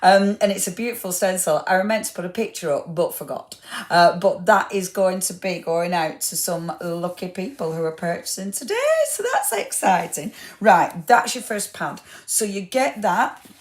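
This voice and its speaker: A woman's voice: on the low side, normal speed. A woman hosting a live craft product showcase, gushing over papers and chatting to viewers by name. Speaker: craft shop host.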